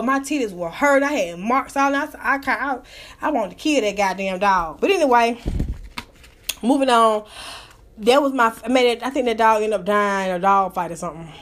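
A woman telling a story casually, animated and full of profanity. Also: on the high side, normal speed. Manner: profane, animated, breaks into laughter.

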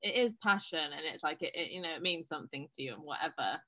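A woman co-hosting a casual fitness chat, frank and quick to swear. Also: low voice, lively intonation, pushed and bright.

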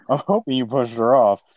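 A young man loudly joking and giving advice to his friends in casual chat. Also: mid-range voice, slightly rough, no room sound, highs cut off.

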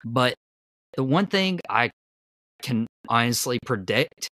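A man hosts a podcast in casual, emphatic chat with a bright, forward tone. His voice sits in an ordinary middle pitch. The recording is close and dry. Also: expressive, slow pace, no echo. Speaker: wrestling podcast host.

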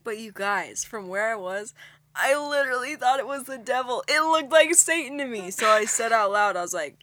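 A young adult co-host telling a story in casual chat, animated, laughing along and dropping to a hush for quoted lines. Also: medium pitch, normal speed, no echo.

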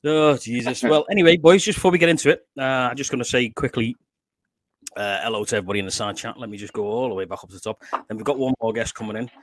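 A man's voice: mid-range voice, quick pace, dry recording, studio quality. A man in his forties with a Liverpool accent hosts a casual live stream. He chats, swears freely and laughs often. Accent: Liverpool English. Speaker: podcast host.

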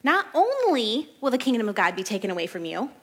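A woman's voice: on the high side, fairly quick, husky. Chatty woman teaching the Bible. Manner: chatty and animated, laughs often, says "like" a lot. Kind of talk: casual Bible study teaching.

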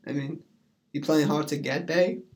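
A man rambling through an absurd comic monologue, swinging from mumbles to yells. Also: fairly high pitch, fairly even intonation, measured pace, a crowd in the background.

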